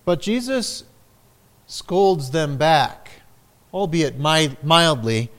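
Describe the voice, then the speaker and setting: A man preaching a sermon in a slow, measured way, raising his voice for quoted lines. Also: on the high side, lively intonation, a bit bright. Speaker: pastor.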